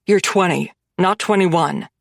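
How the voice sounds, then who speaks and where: A woman voicing a young male mafia boss who speaks smoothly and curtly, with stern coldness. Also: on the low side, takes it slowly, no echo, studio quality.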